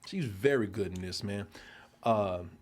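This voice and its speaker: A male show host in casual, animated review chat, swearing freely and laughing often. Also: fairly low pitch, measured pace. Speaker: podcast host.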